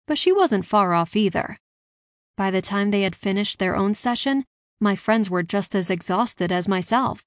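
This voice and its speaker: A woman reading a first-person fantasy story aloud with steady, expressive narration. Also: medium pitch, no echo, studio quality.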